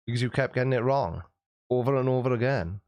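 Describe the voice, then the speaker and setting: A man hosts a live stream and reads viewer comments in a cheeky, joking way, laughing often. His pitch sits mid-range, and the sound is dry and close, with no room echo. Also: fast, darkish tone, lo-fi sound. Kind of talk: casual chat reading out viewer comments.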